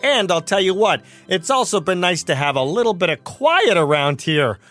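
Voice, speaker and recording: A man hosting a comedy show in a goofy, excitable, jittery manner. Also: high-pitched, moderate pace, soft background music. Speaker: comedy podcast host.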